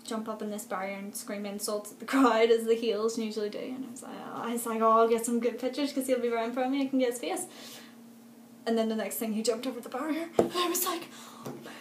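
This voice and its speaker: A young woman, chatting excitedly in a casual vlog, full of fillers. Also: on the high side. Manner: chatty and gushing, many fillers, laughs often. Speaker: vlogger. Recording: echoey room with faint background noise.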